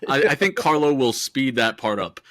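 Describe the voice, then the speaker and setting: A man's voice: medium pitch, expressive, moderate pace, fairly bright tone. A man co-hosting a podcast in casual chat, talking loosely, swearing and laughing often. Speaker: podcast co-host.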